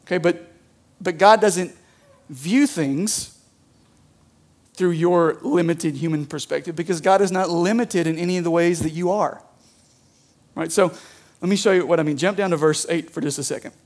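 Male pastor, higher register, relaxed conversational sermon delivery with a church mic. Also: normal speed, long pauses. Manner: conversational, lots of "like" and "right?".

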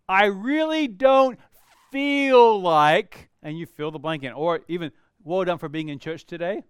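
A man's voice: fairly high pitch, clean tone, dry recording, clean studio sound. A man preaching a sermon in an earnest, questioning way, driving his point home with repeated rhetorical questions. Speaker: pastor.

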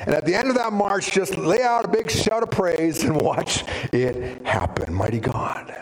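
A man preaching a sermon as pastor, animated and storytelling, with sudden drops to a hushed voice. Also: on the high side, normal speed, a little hiss or hum. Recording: reverberant hall.

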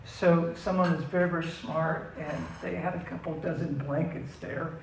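A man's voice: a little high, fairly even intonation, moderate pace, creaky, a little hiss or hum. A man preaching a sermon in a conversational, storytelling manner that turns into earnest prayer. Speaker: pastor. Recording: echoey room, faint ambience.

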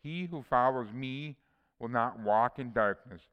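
Male preacher, earnest scripture reader, smooth resonant voice, reverberant hall sound. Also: mid-range voice, unhurried, highs cut off. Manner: earnest, reads verses aloud, personal asides. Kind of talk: sermon with scripture readings.

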